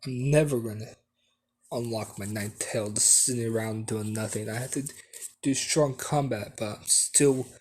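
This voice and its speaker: A man's voice: fairly low pitch, darkish tone, husky. A man doing a frustrated ninja mother. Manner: halting, hesitant delivery.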